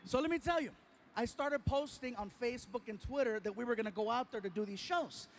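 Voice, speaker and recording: A man's voice: extremely high pitch, fairly quick, slight background noise. A man performing a stand-up comedy routine, telling a story with animation and acting out other people.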